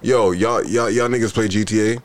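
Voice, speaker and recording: A man's voice: lowish voice, fairly even intonation. A young man hosting a casual podcast, asking rambling questions full of fillers. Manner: drawn-out questions, lots of fillers. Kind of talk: casual joking chat.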